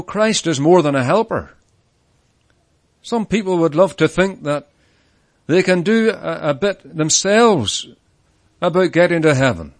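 A man's voice: on the high side, dry recording. A man preaching a sermon at an evening tent meeting, earnest and emphatic, leaning hard on key words.

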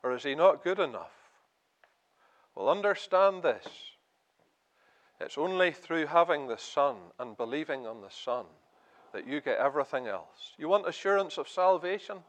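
A man preaching a sermon, telling a story slowly and then building to loud, emphatic appeals. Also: fairly high pitch, animated.

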